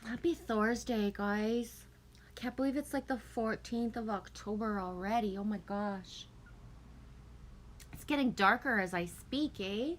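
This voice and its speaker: A woman's voice: on the high side, a little slow, slight background noise. A middle-aged woman chatting casually on a livestream, gushing and reading viewer comments aloud. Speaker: livestream host.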